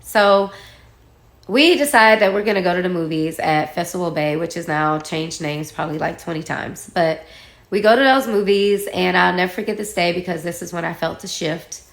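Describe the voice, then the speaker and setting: A woman casually telling a personal story, animated and acting out what others said. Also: lowish voice, normal speed, vocal fry. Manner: animated, acts out quoted dialogue, laughs while telling. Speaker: guest storyteller. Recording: roomy echo.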